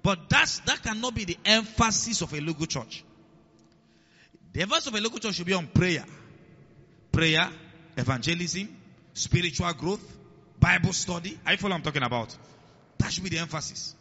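A male pastor preaching a sermon, often asking the congregation if they follow and repeating key lines, swinging between loud emphasis and quiet asides. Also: high voice, animated, normal speed, long pauses. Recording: long hall reverb, dull lo-fi sound.

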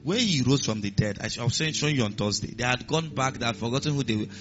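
A man preaching a sermon in an emphatic, lively way, with repeated refrains. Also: mid-range voice, fast talker. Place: church. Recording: muffled recording with music behind.

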